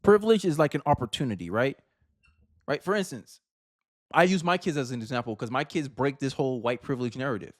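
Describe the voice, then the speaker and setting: A man hosts a reaction commentary in a mid-range voice, animated and quick, arguing emphatically and repeating phrases for effect. The audio is clean studio sound with no room echo.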